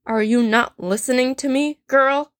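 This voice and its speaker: A woman's voice: medium pitch, fairly even intonation, moderate pace, no echo, clean studio sound, close to an everyday voice. A woman reading a story aloud, voicing a stern, sardonic male potions professor who speaks in a cold, clipped and cutting way. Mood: cold, scornful.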